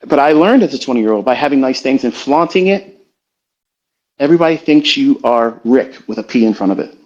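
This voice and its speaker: A middle-aged man giving a reflective, confessional motivational talk as a trading educator in a live audio room, slow and halting. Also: medium pitch, lively intonation. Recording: slightly muffled online audio stream.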